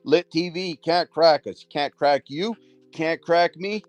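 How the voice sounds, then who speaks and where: A man's voice: fairly high pitch, slow pace, dry recording, faint music behind. A man hosting a casual livestream, talking bluntly and profanely as he scolds a rival. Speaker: livestream host.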